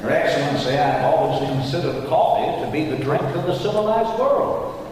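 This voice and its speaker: A man's voice: fairly high pitch, expressive, normal speed, background noise, lightly acted. A man playing Thomas Jefferson on stage, speaking in ornate, flowery old-fashioned oratory. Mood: genteel. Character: Thomas Jefferson, learned and genteel statesman. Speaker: historical re-enactor. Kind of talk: in-character stage Q&A. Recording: distant mic in echoey auditorium.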